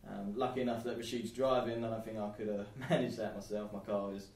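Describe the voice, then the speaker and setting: A man guest chatting casually and laughing easily in relaxed banter. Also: lowish voice, a little fast, distant mic. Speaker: sponsored player, guest. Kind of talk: casual live-stream chat. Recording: echoey room, away from the mic.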